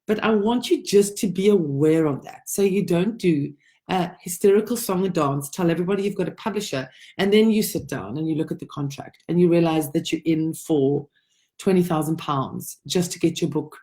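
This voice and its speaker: A woman's voice: fairly low pitch, moderate pace, warm tone. A woman working as a writing coach, giving informal advice to writers in a conversational, emphatic way, sometimes restarting her phrases.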